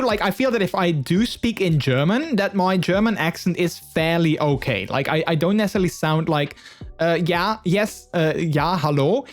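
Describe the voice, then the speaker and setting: A man streaming live and chatting casually with his viewers, giggly and talkative, speaking into a headset mic. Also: high voice. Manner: chatty and giggly, many fillers and restarts.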